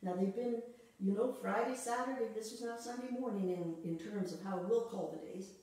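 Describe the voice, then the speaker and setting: A woman pastor preaching a sermon, expressive, acting out quoted voices and repeating words as she speaks. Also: medium pitch, normal speed. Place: church sanctuary. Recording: echoey church hall from far off.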